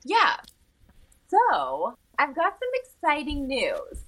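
A woman's voice: high voice, wildly swooping pitch, takes it slowly, a bit bright. A woman in her thirties co-hosting a podcast in casual, chatty talk full of fillers. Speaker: podcast co-host. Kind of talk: casual chat.

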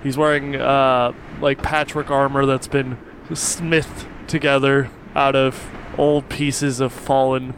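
Male player, mid voice; slow and halting. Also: medium pitch, little pitch movement, a bit bright, slight background noise. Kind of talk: tabletop game play.

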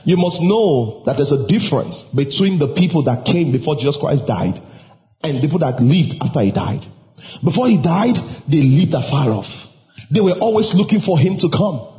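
A man preaching a sermon as pastor, emphatic and now and then shouting or singing out lines. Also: on the high side. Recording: dull sound with long hall reverb.

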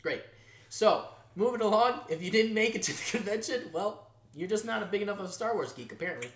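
A man hosting a casual news-style show, jokey and animated, his voice jumping from loud outbursts to quiet asides. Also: high-pitched, fairly quick, slight background noise. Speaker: show host. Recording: echoey room.

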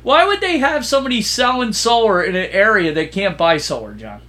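A man's voice: high-pitched, brisk. A man co-hosting a podcast in casual chat, telling stories animatedly and acting out the people he quotes. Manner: animated storyteller, acts out quoted exchanges. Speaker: podcast co-host.

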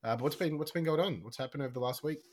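A man co-hosting a music podcast in casual chat, talking fast with a slight lisp. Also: fairly high pitch, breathy edge. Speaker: podcast co-host.

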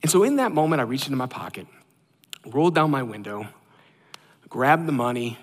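A man, a pastor, preaching a sermon and telling a self-deprecating personal story in an animated way. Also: medium pitch, fairly quick. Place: church sanctuary. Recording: long hall reverb.

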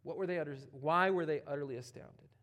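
Animated high-voiced male preacher. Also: quick pace. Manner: animated, swinging from loud emphatic preaching to quiet near-whispers; conversational, with casual asides and playful quoted voices. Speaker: pastor. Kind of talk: sermon.

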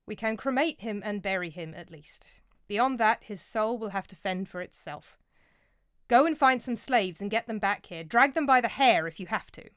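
A woman reading the lines of a commanding middle-aged king who gives curt, sharp orders in a storybook tale. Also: medium pitch, expressive, normal speed, clean tone, no echo, clean studio sound, lightly acted. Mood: stern.

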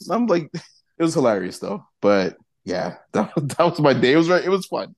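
A man's voice: fairly high pitch, sing-song, normal speed. Laughing, cursing male podcast co-host. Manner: laughing, profane storytelling. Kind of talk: casual podcast chat.

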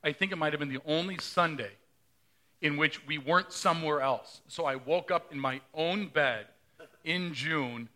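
Bright-voiced conversational male pastor. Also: fairly high pitch, normal speed. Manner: conversational, asks the congregation questions. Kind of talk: sermon.

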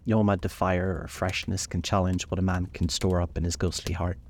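A man narrating a classic novel in a measured, reflective reading, slowing on key passages. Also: low voice, flat delivery, a little mellow.

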